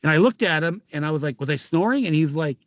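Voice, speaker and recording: A middle-aged man with a fairly high voice spins rowdy locker-room stories as a podcast guest, laughing and cursing as he goes. The sound is dry and close, with no room around it. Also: fast, dry recording, lo-fi sound. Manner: animated, laughing, swearing storyteller. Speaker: former hockey player, podcast guest. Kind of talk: casual storytelling.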